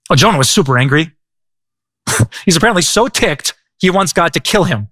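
A male pastor gives a sermon in an easygoing, joking, storytelling way. His voice is bright and ringing and sits a little high for a man. The recording is close and dry. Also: moderate pace, long pauses, dry recording. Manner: casual, joking, conversational storytelling.

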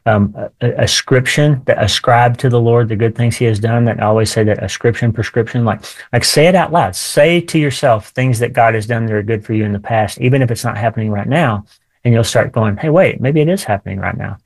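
A man's voice: medium pitch, fairly quick. A man appearing as a podcast guest, explaining his ideas thoughtfully. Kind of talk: conversational interview.

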